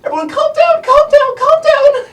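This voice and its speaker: A man's voice: very high-pitched, moderate pace, a bit bright, voice pushed up. A man voicing a panicky, apologetic young gnome girl in a tabletop game. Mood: frantic. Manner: frantic, stammering apologies. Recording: distant mic, faint noise.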